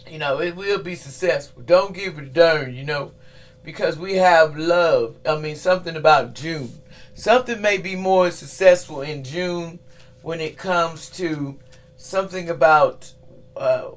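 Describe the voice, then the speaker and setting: Chatty, laughing woman tarot reader. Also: low-pitched. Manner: chatty, laughing, loose and informal. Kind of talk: casual weekly reading vlog.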